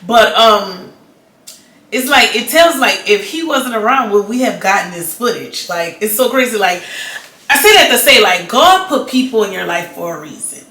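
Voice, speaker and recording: Woman vlogger, casual rambling chat, sharp bright tone, roomy echo. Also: mid-range voice, lively intonation, moderate pace. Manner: chatty, rambling, many "like"s and restarts. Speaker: vlogger reviewing a documentary.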